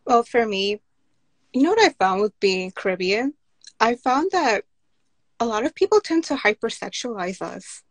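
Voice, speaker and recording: A woman on a casual panel, answering a question with steady, matter-of-fact storytelling. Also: on the high side, moderate pace, no room sound. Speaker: writer and panelist.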